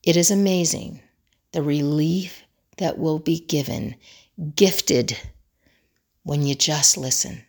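A woman's voice: deep voice, slow pace, creaky, long pauses, a little mellow. A woman who trains people in crisis communication gives a motivational teaching talk, earnestly repeating her key phrases for emphasis.

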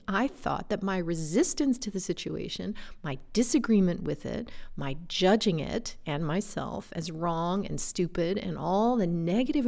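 A woman life coach shares a personal story in a reflective monologue. Her voice sits low and carries a gravelly fry. She talks gently and introspectively, dropping into soft whispers and quiet laughs. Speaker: life coach and podcast host.

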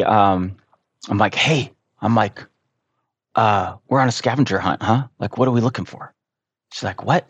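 A man telling an earnest, animated story as a podcast guest in casual conversation. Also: lowish voice, no echo.

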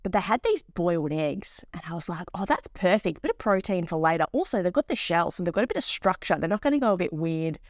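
A woman co-hosting a podcast, telling an embarrassing travel story in a lively, animated way and acting out the people in it. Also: fairly low pitch, fast talker, hardly any pauses, no room sound, studio quality. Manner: animated storyteller, acts out voices in anecdotes. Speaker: podcast co-host. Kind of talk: casual chat.

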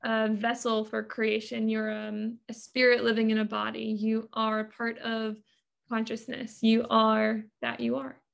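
A woman's voice: fairly high pitch, completely flat delivery, a little slow, gravelly. A woman guest on a podcast, telling her story in earnest, chatty talk with many fillers. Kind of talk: casual interview talk.

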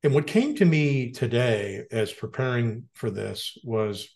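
A man's voice: medium pitch, a little slow, gravelly, a little mellow. A middle-aged man co-hosting a podcast, talking in a reflective, earnest way. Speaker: podcast co-host. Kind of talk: casual conversation.

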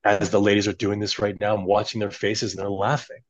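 A man on a podcast, guiding his hosts through a self-talk exercise in an animated, instructive way. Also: on the low side, a little fast. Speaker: coach guest on podcast. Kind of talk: conversational coaching demonstration.

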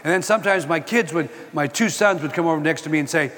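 An older man giving a sermon-style talk, telling personal stories and quoting scripture in an animated way. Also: a little high, quick pace, in a large hall. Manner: animated storytelling, quoting scripture and acting out exchanges. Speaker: Christian speaker.

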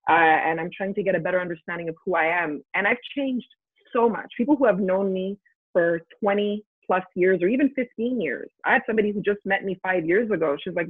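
A woman's voice: mid-range voice, slightly rough, dry recording. A middle-aged woman, a podcast guest, talking in a straightforward, emphatic way and laughing readily. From Canada. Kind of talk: casual interview talk. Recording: tinny phone line.

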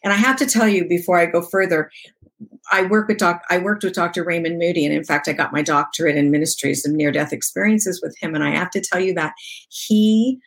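A woman in her sixties talks fairly quickly in a voice on the low side. As a guest being interviewed, she tells her own story with plenty of expression and a conversational feel, acting out what people said and laughing a lot.

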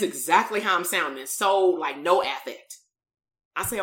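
A woman's voice: on the low side, lively intonation, normal speed, fairly bright tone. A woman coaching therapists in a live-streamed talk, telling stories in a blunt, streetwise way full of slang.

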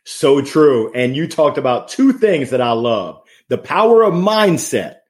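A man talking as a guest in a casual conversation, energetic and passionate, joking and laughing, on a remote video call. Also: mid-range voice, a little slow.

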